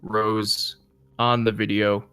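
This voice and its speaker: A man voicing a stern male judge who gives measured, formal rulings in a tabletop role-play. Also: on the low side, little pitch movement, sharp tone, clean tone, soft background music, exaggerated voice.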